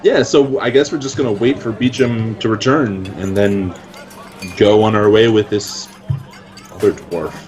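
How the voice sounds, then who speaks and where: A man's voice: fairly low pitch, fairly even intonation, a little slow, darkish tone, faint music behind. A man playing a tabletop game, easygoing and slipping into character. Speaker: player. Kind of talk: tabletop role-play.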